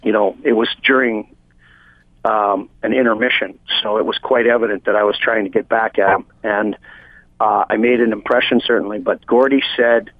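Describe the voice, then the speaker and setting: A man's voice: lowish voice, fairly even intonation, normal speed, dry recording. Man, phone guest, rambling heartfelt storyteller, tinny dry phone line. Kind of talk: telling a long personal anecdote on a phone interview.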